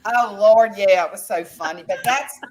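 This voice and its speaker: A woman's voice: mid-range voice, moderate pace, a little mellow. A middle-aged woman with a Southern US accent, animatedly telling a family story as a guest and acting out her mother's lines. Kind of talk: casual storytelling.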